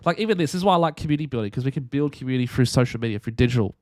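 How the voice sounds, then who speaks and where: A young man tells a story on his live stream in a chatty, animated way, slipping into the voices of the people in it. His voice sits at a middle pitch. It sounds dry and close, with no room around it. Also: rapid-fire, dry recording. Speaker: streamer and host.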